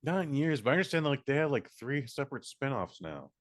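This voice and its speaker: A man co-hosting a podcast in casual chat, quick and sarcastic, breaking into jokey voices. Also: mid-range voice, sing-song, no echo, studio quality. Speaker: podcast co-host.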